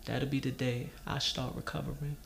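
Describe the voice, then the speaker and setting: A man's voice: medium pitch, level tone, gravelly, a bit bright, a little hiss or hum. An actor playing a grieving young man who scolds his mother in a drama scene. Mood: cold, bitter. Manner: cold and measured, rising to angry.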